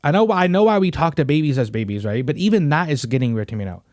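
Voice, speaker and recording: A man's voice: fairly high pitch, big pitch swings, fast talker, a little mellow, dry recording, clean studio sound. A young man hosting a podcast, chatting casually in a slangy, rambling way full of "bro" and "you know what I mean". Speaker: podcast host. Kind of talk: casual chat.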